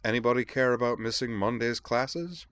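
A man's voice: mid-range voice, normal speed, fairly bright tone, dry recording, voice pushed up, close to an everyday voice. A knowing young friend with a lifted, matter-of-fact voice, as a man puts it on while reading. Everything comes out dry.

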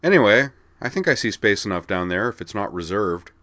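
A blunt, wry starship pilot and dad, put on by a man reading a storybook. The voice sits a little above a low reading voice, and the recording is close and dry. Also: very animated, fairly quick, fairly bright tone, no echo. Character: blunt adult male starship pilot and father.

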